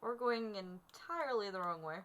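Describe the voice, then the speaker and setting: Lively playful woman streaming. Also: medium pitch, moderate pace, a little hiss or hum. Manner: playful, rambling, talks to the game animals. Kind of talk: casual gameplay commentary. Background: background music.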